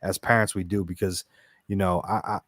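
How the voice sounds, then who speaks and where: A man co-hosting a casual talk show, speaking reflectively and trailing off softly at the end of his phrases. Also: low-pitched, steady tone, a little fast, no room sound, studio quality. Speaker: co-host. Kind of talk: casual podcast chat.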